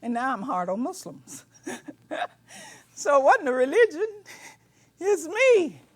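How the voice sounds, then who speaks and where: An older woman giving a lecture in a preacherly, emphatic manner, with colloquial asides and bursts of shouting. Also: high-pitched, very animated, slow, no room sound. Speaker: speaker.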